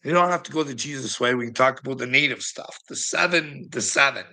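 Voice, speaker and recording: Gravelly, chuckling man ranting. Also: mid-range voice, fairly quick, sharp tone, low-quality recording. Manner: profane, chuckling, needles viewers by name. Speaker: streamer talking to chat. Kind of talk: rambling ranting monologue.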